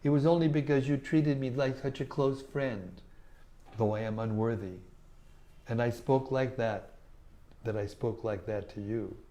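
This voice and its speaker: A man's voice: mid-range voice, unhurried, warm tone, lightly acted. Man reading as a humble lovesick young woman. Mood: begging.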